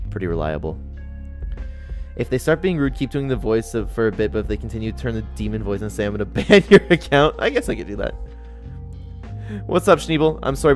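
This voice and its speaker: A man streaming a game, talking laid-back and casual, explaining his setup to a friend. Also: on the low side. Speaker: gaming streamer.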